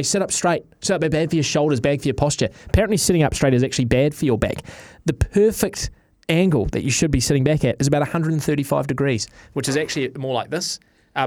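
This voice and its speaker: A man's voice: mid-range voice, darkish tone, no room sound, clean studio sound. A man with an Australian accent, reading quirky news stories on air in a casual, jokey way, full of fillers. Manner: chatty, jokey, lots of fillers. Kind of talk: casual radio banter. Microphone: studio microphone.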